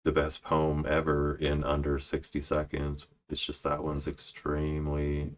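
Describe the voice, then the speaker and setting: Very deep-voiced man reading his poems. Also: monotone, unhurried. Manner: self-deprecating, restarts lines, muttering asides. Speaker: poet streaming live. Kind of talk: casual live stream, reading own poetry.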